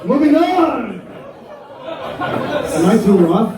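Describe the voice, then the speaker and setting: High-voiced man roasting a crowd slowly. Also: sing-song. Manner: crude insult jokes, playful. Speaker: roast comedian. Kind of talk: stand-up roast set. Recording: echoey room, mic heard from far.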